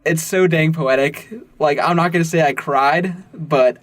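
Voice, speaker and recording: A man co-hosting a podcast, chatting about a film in an animated, emotional way. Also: fairly high pitch, unhurried. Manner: excitable, animated, emotional storyteller. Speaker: podcast co-host. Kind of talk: casual film discussion.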